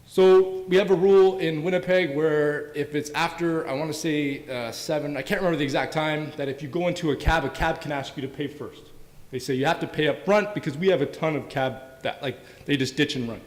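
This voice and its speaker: A man serving as a police officer speaks on a panel, earnest and anecdotal, often checking in with "right?". His voice sits a bit high. Long reverb from a large event hall trails each phrase. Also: brisk. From Windsor, Canada. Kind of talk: storytelling on a community panel.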